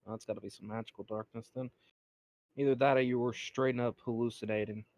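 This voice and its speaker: A man's voice: medium pitch, fairly even intonation, fast, darkish tone, no room sound. A man playing a tabletop game in a matter-of-fact way with dry humor. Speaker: player.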